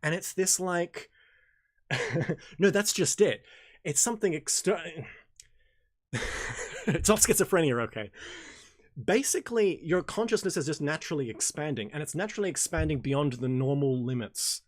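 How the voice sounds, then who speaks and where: Male host, loose off-the-cuff delivery, frequent restarts and mild swearing, pitched a little high. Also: animated, normal speed, long pauses. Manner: rambling, self-correcting, casual with swearing. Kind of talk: casual Q&A livestream talk.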